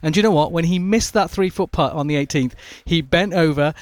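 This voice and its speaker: A man's voice: a little high, a little fast, no echo. A man reporting on golf in a chatty radio sports discussion, telling stories with lots of fillers. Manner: animated storytelling, frequent fillers.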